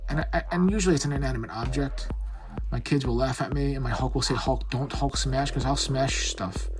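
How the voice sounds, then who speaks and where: With music playing behind him, this toy reviewer speaks quickly in a mid-range voice while handling an action figure at home. His casual chat is rambling, blunt and frustrated.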